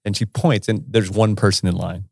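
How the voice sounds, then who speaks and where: A man's voice: fairly low pitch, steady tone, moderate pace, vocal fry, a little mellow, husky, dry recording, studio quality. A man casually telling a rambling, profane travel anecdote, laughing often as he goes. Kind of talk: casual storytelling.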